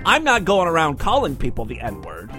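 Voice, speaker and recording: A male podcast host riffing in a comedic monologue, sarcastic and rambling. His voice sits a little high and swings widely in pitch, with faint music under it. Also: huge pitch swings, moderate pace. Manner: rambling, sarcastic, jumps between loud and mumbled.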